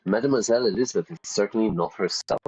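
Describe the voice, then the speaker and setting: A man's voice: lowish voice, fast, darkish tone, slightly rough. A man teaching English vocabulary in a casual, chatty way, explaining words with everyday examples. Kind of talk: casual vocabulary lesson over gameplay. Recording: dull lo-fi sound.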